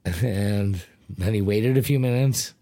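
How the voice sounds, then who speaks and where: A man co-hosting a podcast, telling a story in relaxed casual chat and laughing as he goes. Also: lowish voice, slow pace. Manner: laid-back, laughs while telling stories. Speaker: podcast co-host.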